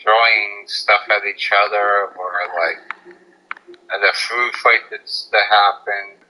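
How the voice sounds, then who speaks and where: A man's voice: on the low side, fairly even intonation, slow pace, sharp tone, a little hiss or hum, low-quality recording. A man streaming a game, rambling through casual anecdotes full of fillers. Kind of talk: casual storytelling chat.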